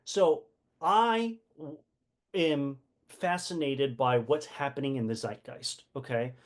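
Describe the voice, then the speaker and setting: A man's voice: medium pitch, slow. A man hosting a casual live-stream book talk, full of rhetorical questions, fillers and restarts. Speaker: host of a community book session.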